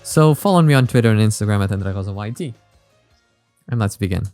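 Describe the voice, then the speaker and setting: A man's voice: on the low side, animated, fast, a little mellow, faint music behind. A young man hosting a reaction video, talking casually in a rambling, self-mocking way. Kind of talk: casual chat.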